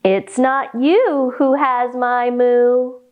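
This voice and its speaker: A woman voicing a gentle female farm cow who has lost her moo, in a slow, plaintive storybook voice. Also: high-pitched, flat delivery, clean tone, narrow, tinny audio.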